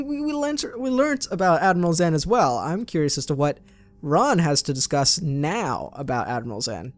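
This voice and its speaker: A man's voice: high-pitched, no room sound. A man hosting a let's play, chatting casually and reading in-game messages aloud with his own asides. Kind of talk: casual gameplay commentary.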